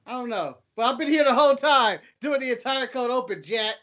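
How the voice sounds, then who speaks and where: A very high male voice co-hosting a casual podcast, playful and full of goofy bits. The call audio is dull and lo-fi. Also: lively intonation, a little fast, sharp tone. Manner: playful, puts on silly joke voices. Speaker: podcast co-host. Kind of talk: casual chat. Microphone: video call.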